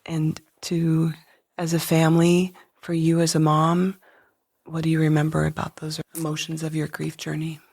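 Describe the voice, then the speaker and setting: A woman podcast host asking gentle, careful questions, with halting restarts. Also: deep voice, monotone, gravelly, dry recording, clean studio sound. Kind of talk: interview questions.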